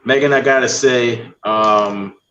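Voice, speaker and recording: A man's voice: mid-range voice, fairly even intonation, takes it slowly, fairly bright tone. A man hosting an interview show, casual and playful, cracking jokes with the guest. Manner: joking, playful. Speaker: host. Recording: roomy, dull, slightly noisy.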